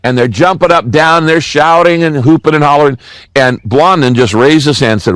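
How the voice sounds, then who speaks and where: A man's voice: on the high side, normal speed, fairly bright tone, clean tone, no room sound. Earnest male pastor preaching a sermon. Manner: earnest storytelling with emphatic repetition.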